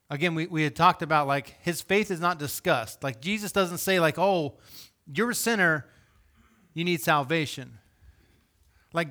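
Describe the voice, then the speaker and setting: A male pastor delivering a sermon in an animated, conversational preaching manner. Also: on the high side.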